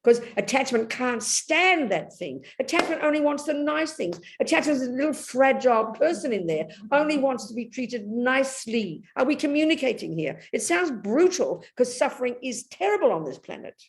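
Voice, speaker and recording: An older English woman teaches with blunt, lively energy, her pitch leaping and falling as she tells her story. She shifts quickly from quiet asides to sudden loud outbursts. Her talk is direct and unpolished. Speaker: Buddhist nun teacher. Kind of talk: Dharma talk.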